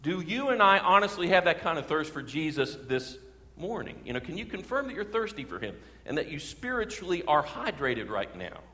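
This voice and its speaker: A male pastor preaching in a church sanctuary with a long, ringing reverb behind him. His voice sits a bit higher than most men's, and he swells into forceful emphasis on the lines he wants to land. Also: sing-song, brisk. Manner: emphatic, swelling for key phrases. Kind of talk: sermon.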